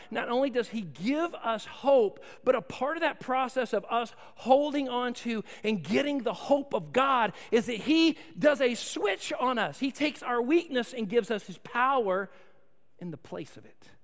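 A man preaching a sermon as pastor, swinging from soft, intimate lines to loud, emphatic ones. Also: very high-pitched. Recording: long hall reverb.

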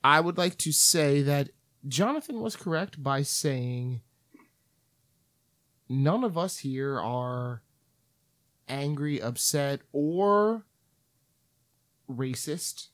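A laid-back man with a slightly high voice co-hosting a casual podcast. He often trails off mid-thought. He wraps up the show with easygoing sign-offs. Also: animated, extremely slow, pauses often, a bit bright. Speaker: podcast co-host. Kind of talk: casual chat.

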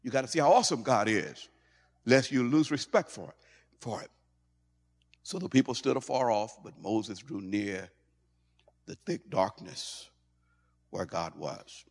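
A male pastor preaching a sermon in an animated way, stumbling over and repeating words as he goes. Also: medium pitch, unhurried, long pauses. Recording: long hall reverb.

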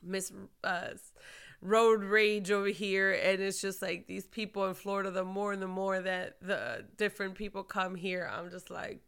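Woman pastor talking faith to her viewers, bright crisp voice, gets loud and emphatic. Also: medium pitch, fairly even intonation, moderate pace. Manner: emphatic, swings from quiet to shouting. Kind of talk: casual faith talk to viewers. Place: lives in Florida.

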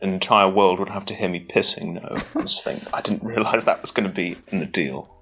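A man's voice: sits low, a little fast, a bit bright, a little hiss or hum. A man on a podcast over an online call, rambling and laughing at himself in casual banter. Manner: laughing, rambling, self-deprecating. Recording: dull lo-fi call audio.

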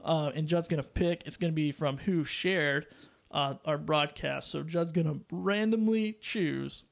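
A man co-hosting a live podcast, talking with excited, rambling energy. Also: a little high, measured pace, creaky. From North Carolina. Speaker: podcast co-host. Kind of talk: casual live-stream chat.

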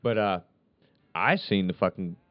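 A man's voice: low voice, a little slow, no echo. A man in casual chat with blunt, crude, teasing banter. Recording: dull lo-fi sound, dry.

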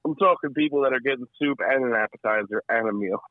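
A man's voice: medium pitch, fast talker, no echo, phone-quality sound. A man co-hosting a podcast, joking and riffing in casual chat. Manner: joking, riffs with voices. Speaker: podcast co-host.

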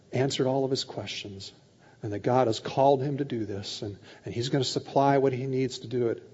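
With a husky, medium-pitched voice, a male pastor gives a sermon that loosely paraphrases scripture as animated storytelling, doing voices for God and Moses. He often repeats words when starting sentences. The recording is dull and lo-fi, with a long hall reverb.

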